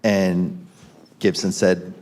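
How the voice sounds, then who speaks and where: Animated man hosting a live podcast. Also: low voice, very slow. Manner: animated, handing out mock awards and calling on panelists. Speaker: podcast host. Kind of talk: casual chat on a live podcast panel. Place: live stage in a concert venue.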